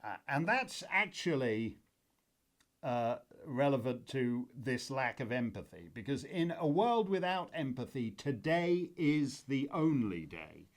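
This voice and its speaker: A man hosts his own commentary show, speaking off the cuff in a wry, rambling style full of fillers and restarts. His medium-pitched voice is very animated yet unhurried.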